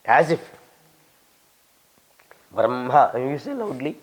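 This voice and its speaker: A man's voice: medium pitch, very animated, slow pace, poor audio. An older man, a scholar, answering questions and drilling Sanskrit pronunciation, reciting verses as he explains. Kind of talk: teaching pronunciation in a Q&A.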